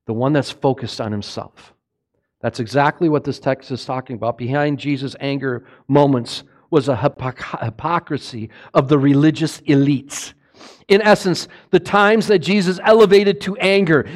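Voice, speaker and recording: A middle-aged man preaching a sermon as pastor, impassioned, swinging between loud peaks and quiet asides, often putting questions to the congregation. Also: medium pitch. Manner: impassioned, rising and falling, asks the congregation questions.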